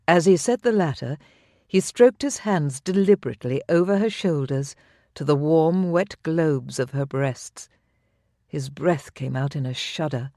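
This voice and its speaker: Measured, intimate audiobook narrator. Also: medium pitch, a little mellow, no echo, studio quality. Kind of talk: scripted narration.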